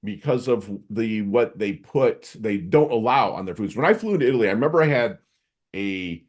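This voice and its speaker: American podcast host, low voice, animated and rambling, slangy casual chat. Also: male voice, normal speed. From United States.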